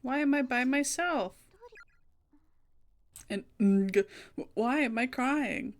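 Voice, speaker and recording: A woman's voice: high-pitched, takes it slowly. A woman voicing an anxious teenage schoolgirl who is alone and frightened, reading game dialogue aloud on a stream. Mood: scared. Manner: reads the game dialogue aloud with rising panic.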